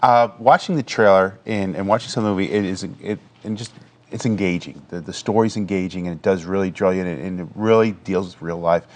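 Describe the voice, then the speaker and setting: Low-voiced man hosting a TV chat. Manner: halting questions, frequent affirmations. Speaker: talk show co-host. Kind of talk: conversational TV interview. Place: TV studio.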